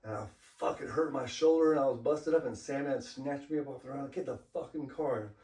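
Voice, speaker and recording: A man's voice: medium pitch, a little fast, a little mellow. A man from Los Angeles, a graffiti artist guest, telling stories in a laid-back, profane way full of "you know.". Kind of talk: casual storytelling interview. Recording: roomy, mic far off.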